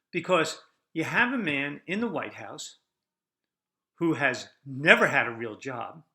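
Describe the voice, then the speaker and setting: Older man, podcast host, combative monologue, rhetorical questions, slightly high pitch, bright forceful tone. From United States. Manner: combative, rhetorical, lively ups and downs.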